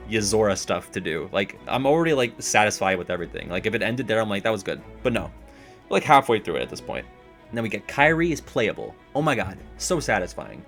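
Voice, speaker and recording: A young man in casual reaction chat about a video game, rambling and excitable, laughing often. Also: medium pitch.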